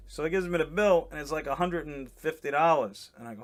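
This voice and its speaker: Man, comedian guest, animated rambling storyteller, fairly high voice. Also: brisk. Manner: animated, rambling, self-mocking. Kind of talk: casual storytelling. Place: on a boat in a harbor.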